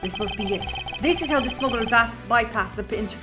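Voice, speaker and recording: A woman's voice: a little high, a little fast. Give me a chatty woman streaming a game, with music playing under her voice. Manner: chatty, joking, with fillers. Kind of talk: casual gameplay commentary.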